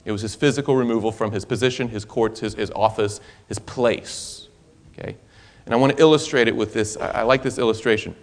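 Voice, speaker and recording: A man preaching a sermon, telling a story in an animated, conversational way that is full of restarts. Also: fairly low pitch, a little fast.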